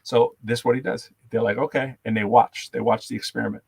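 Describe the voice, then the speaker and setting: A man co-hosting a casual talk show, telling stories with lively acted-out voices. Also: fast, creaky, slightly rough, no echo. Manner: animated storyteller, acts out quotes in high voices. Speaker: co-host. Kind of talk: casual podcast chat.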